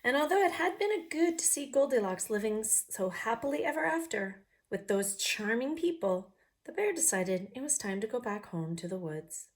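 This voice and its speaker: A woman reading a picture book aloud to young viewers, pausing to ask them questions. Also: fairly high pitch, sing-song.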